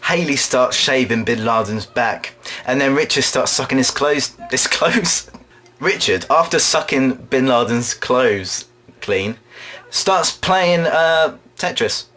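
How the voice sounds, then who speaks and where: A man performing an absurd comic monologue, rambling along in a deadpan way and now and then putting on quick voices. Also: medium pitch. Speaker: drama student performer.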